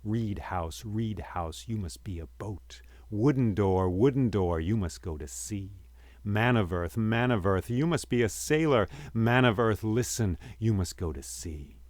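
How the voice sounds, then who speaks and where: A sly trickster god of myth, as a male storyteller puts him on. He chants his warning in a repetitive, incantatory rhythm, his voice kept low. The sound is dry and intimate. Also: lively intonation, measured pace, dry recording. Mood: chanting.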